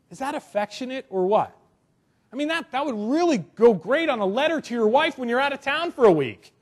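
High-voiced man preaching a casual sermon. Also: moderate pace. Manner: conversational, animated, joking asides. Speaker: pastor.

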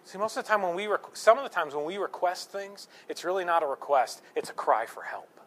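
A middle-aged male pastor preaching a sermon, animated, telling stories and asking the congregation rhetorical questions. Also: high voice, a little fast. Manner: animated storytelling with acted-out quotes and rhetorical questions.

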